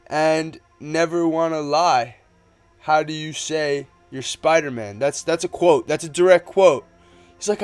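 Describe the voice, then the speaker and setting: A young man giving casual, excitable commentary on a movie trailer, rambling and slangy. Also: mid-range voice, normal speed, soft background music. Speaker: movie trailer breakdown YouTuber.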